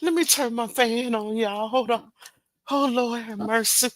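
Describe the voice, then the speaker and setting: A woman's voice: on the high side, fairly even intonation, unhurried, dry recording. A woman hosting a casual livestream, talking straight to her viewers about their comments and keeps breaking into helpless laughter. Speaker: livestream host. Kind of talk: casual live chat reacting to viewer comments.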